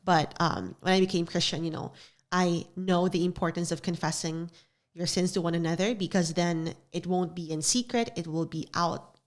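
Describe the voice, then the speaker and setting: Solo podcast host, young woman, lowish voice, earnest and confessional, studio-recorded. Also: steady tone, moderate pace. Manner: earnest, confessional, repeats phrases for emphasis. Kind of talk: reflective solo podcast talk.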